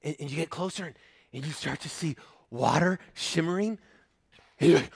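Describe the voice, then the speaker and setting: Male pastor, sermon delivery, higher voice, dry room, lively and dramatic. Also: moderate pace, gravelly, slightly rough, no echo. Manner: animated, acts out crowd voices, loud bursts.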